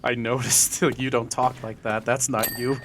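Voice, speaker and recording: A man's voice: medium pitch, little pitch movement, normal speed, noisy background. A Dutch man, native Dutch speaker, ranting and telling stories in casual podcast chat, swearing freely. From Netherlands. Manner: profane, ranting storyteller. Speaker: podcast host.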